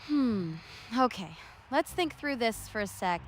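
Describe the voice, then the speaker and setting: A woman's voice: a little high, sing-song, normal speed, faint music behind. A woman's voice, an AI co-host, reading chat messages in a peppy, slightly scripted stream chatter style.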